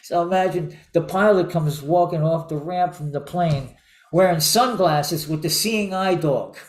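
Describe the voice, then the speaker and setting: A man hosting a casual show, telling jokes and stories with chuckles and halting restarts. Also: on the high side, roomy sound. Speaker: show host. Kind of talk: casual joke-telling chat.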